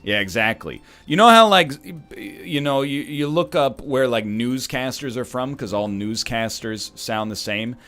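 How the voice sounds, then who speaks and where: A man's voice: mid-range voice, lively intonation, unhurried, sharp tone, soft background music. A man from Canada giving casual gameplay commentary as a streamer, rambling with joking asides. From Canada (Ontario).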